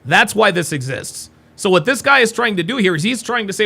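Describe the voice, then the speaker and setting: Mocking, bright-voiced male stream host. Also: high voice, sing-song, brisk, gravelly, few pauses, slightly rough. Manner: blunt, mocking, swears freely. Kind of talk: live stream reaction commentary.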